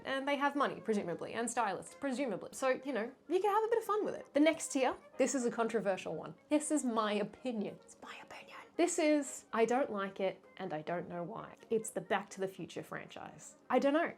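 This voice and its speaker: A young woman vlogger chatting casually, playful and self-mocking, with animated asides. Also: a little high. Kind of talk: casual chatty fashion ranking.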